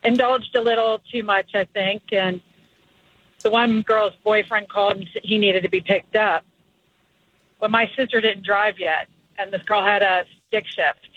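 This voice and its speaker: A man with a high voice calls in to a radio show and tells a story in a brisk, chatty way. The call comes through a tinny phone line. The sound is dry and close. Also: fairly even intonation, dry recording. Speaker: caller.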